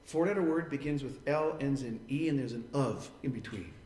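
A man's voice: mid-range voice, brisk, a little mellow, reverberant, a little hiss or hum. A man preaching a sermon in an earnest tone. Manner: earnest preaching, acting out quoted voices. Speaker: pastor.

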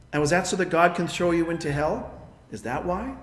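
A man preaching a sermon, emphatic, swinging between loud declarations and quiet asides. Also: fairly high pitch, a little fast, roomy sound. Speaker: pastor.

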